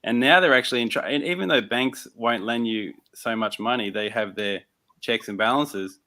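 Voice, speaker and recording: A man in casual livestream chat, measured and cautious, who murmurs agreement often. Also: medium pitch, bright, forceful tone.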